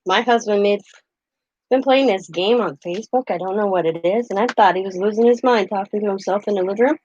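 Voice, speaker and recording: A woman's voice: mid-range voice, fairly quick, darkish tone, muffled recording, slight background noise. An older woman chatting casually on her live craft stream, laughing often and acting out quoted voices. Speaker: craft channel host.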